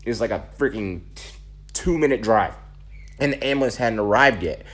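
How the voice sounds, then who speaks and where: A man telling a story in a casual vlog monologue, animated and dramatic, with slangy asides. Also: lowish voice, normal speed.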